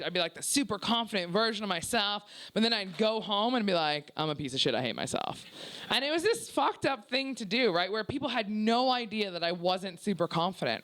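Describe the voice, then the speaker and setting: A woman's voice: mid-range voice, a bit bright. Profane, confessional woman doing stand-up. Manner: profane, confessional, lots of "like" fillers; acts out quoted people in shifted voices. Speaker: stand-up comedian. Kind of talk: stand-up set.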